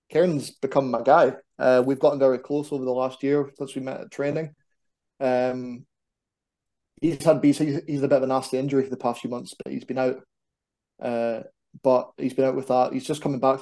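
A man, a wrestler, chatting casually as a podcast guest in an animated, rambling, self-deprecating way. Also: medium pitch, brisk. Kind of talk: casual chat.

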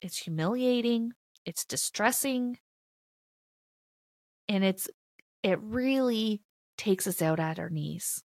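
A woman of middle pitch gives an earnest motivational spiritual talk as a podcast host. She stresses her points by repeating phrases and drops blunt, casual swears. The sound is close and dry, with no room around it. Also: takes it slowly, long pauses, a little mellow, dry recording. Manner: repeats key phrases for emphasis.

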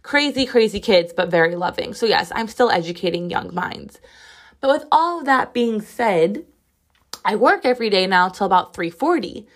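A woman's voice: mid-range voice, expressive, normal speed. A woman in her twenties hosting a podcast, telling a story in casual, chatty talk full of "like" and swearing. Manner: chatty, profane storytelling with lots of "like". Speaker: podcast host. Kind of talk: casual solo podcast monologue.

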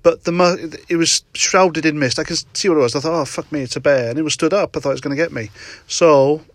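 Brief: middle-aged male podcaster, slightly high voice, chatty and profane, recorded dry in a parked car. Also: fast talker, dry recording. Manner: laughing, swearing, storytelling. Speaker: podcast host. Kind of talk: casual solo podcast monologue. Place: parked car in a woodland lay-by at night.

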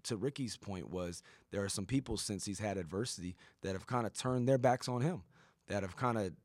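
Low-voiced swearing male podcast host. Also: brisk, a little mellow, dry recording, clean studio sound. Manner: profane, rambling, keeps asking "right?". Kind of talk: casual podcast chat.

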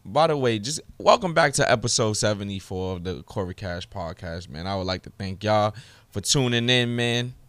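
A man's voice: lowish voice, lively intonation, moderate pace, fairly bright tone, no echo. A young man hosting his own podcast alone, ranting in a profane, heated, swaggering way. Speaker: podcast host. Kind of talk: solo podcast rant.

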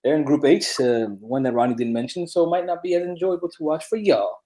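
A man's voice: fairly high pitch, fairly quick, warm tone. Laid-back man co-hosting a sports podcast. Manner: laid-back, laughs often, uses filler words. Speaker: podcast co-host. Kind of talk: casual sports chat.

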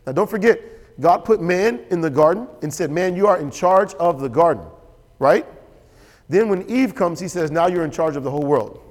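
Male pastor, animated sermon, slightly high voice, long church reverb. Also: normal speed. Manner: animated, storytelling with quoted voices and laughter. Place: church sanctuary.

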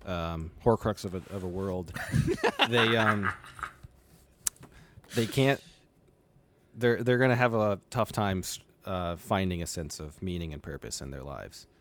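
A man's voice: low-pitched, lively intonation, measured pace, fairly bright tone, a little hiss or hum. A man discussing a novel with friends over a video call, reading passages aloud with feeling and laughing easily. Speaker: book club member.

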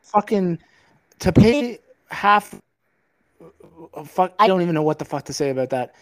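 A man's voice: high-pitched, lively intonation, moderate pace. A man co-hosting a podcast, ranting in a heated, swear-filled casual talk on a filmed set. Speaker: podcast co-host.

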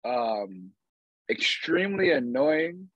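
A man's voice: mid-range voice, very animated, takes it slowly, breathy edge, dry recording. A man co-hosting a podcast, joking around in casual chat over dull lo-fi audio. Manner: playful, jokey. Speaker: podcast co-host.

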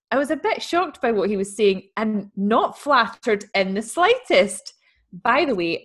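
A woman's voice: mid-range voice, fairly bright tone. A woman who co-hosts a podcast, reading a listener's letter aloud in a chatty, wry way and laughing easily. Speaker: podcast co-host.

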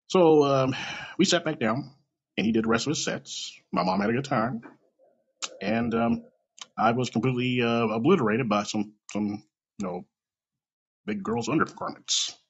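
A man's voice: medium pitch, big pitch swings, measured pace, creaky, pauses often, slightly rough, dull audio. A man telling a comedic personal story in a casual, profane, self-deprecating way.

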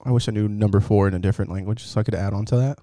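A man's voice: on the low side, steady tone, racing, warm tone, no room sound. Young male podcast co-host, loose and jokey, dry close mic. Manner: joking, laughs often, tries impressions. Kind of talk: casual chat.

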